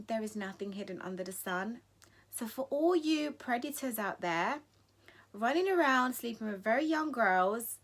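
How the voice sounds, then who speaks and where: A woman vlogging her opinions, emphatic and indignant, often restarting her sentences when she gets heated. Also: on the high side. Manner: emphatic, indignant, repeats for stress. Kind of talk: impassioned opinion vlog.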